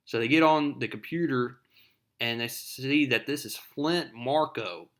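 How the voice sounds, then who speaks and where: Give me a man with an average-pitched voice recapping a comic book in a relaxed, chatty way. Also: a little slow. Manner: conversational storytelling with fillers.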